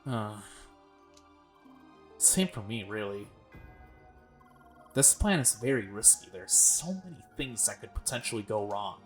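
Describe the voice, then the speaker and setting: A man's voice: on the low side, lively intonation, a little slow, pauses often, soft background music. A man hosting a let's play, reading game dialogue aloud in a plain voice and stopping now and then to comment.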